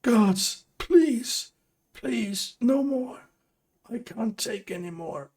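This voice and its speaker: Brief: Danish-accented man doing a battered male captive, high and pleading, shaky sobbing delivery. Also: takes it slowly. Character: terrified beaten man held captive, pleading.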